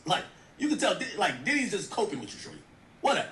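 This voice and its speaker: A man's voice: sits high, sing-song, fast talker, fairly bright tone, echoey room, recorded from a distance, a little hiss or hum. A man giving blunt, profane, mocking commentary in a rant. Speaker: streamer commentator. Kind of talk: ranting commentary.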